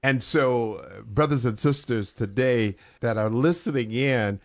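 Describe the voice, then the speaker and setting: A man's voice: mid-range voice, no room sound. A man preaching as a guest on a radio show. He takes his time, rising with emphasis on the words that matter, in a mid-range voice. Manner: measured, slow, emphatic, rises on key phrases.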